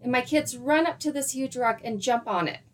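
A woman in her thirties, animated, laughing often as she tells a story in casual chat and acts out her own quoted lines. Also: high-pitched, a little fast. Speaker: guest storyteller.

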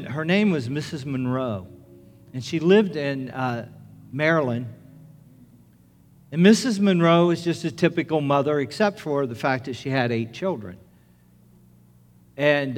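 A middle-aged man, a pastor, preaching a sermon in an earnest storytelling manner, rising to loud excitement as the story builds. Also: fairly high pitch. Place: church sanctuary. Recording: reverberant church with music.

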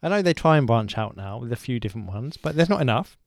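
A man co-hosting a casual chat, teasing with deadpan dark jokes. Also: mid-range voice, fast talker, dry recording, studio quality. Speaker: podcast co-host.

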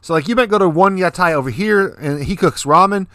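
A man's voice: high-pitched, fairly quick, a bit bright, no room sound, clean studio sound. A man co-hosting a podcast, telling casual stories in a laid-back, profane way. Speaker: podcast co-host. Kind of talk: casual chat. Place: Fukuoka, Japan.

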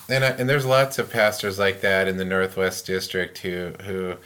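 A man with a fairly low voice talks casually as a pastor on a podcast. He is animated, acts out the voices of people he quotes, and breaks into laughter often. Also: moderate pace, few pauses. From Pacific Northwest US.

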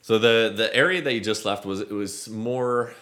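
A man running a tabletop game as game master, describing scenes in a relaxed way, often restarting his words. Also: lowish voice, normal speed. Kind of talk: improvised tabletop narration.

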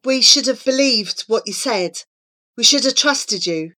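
A bright, bossy schoolgirl from a children's storybook, patient and eager as she lays out her plans, voiced by a woman. Her voice sits high and bounces lively, delivered at an unhurried pace. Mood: earnest. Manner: bossy and patient, explains things. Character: eager, earnest schoolgirl who makes plans.

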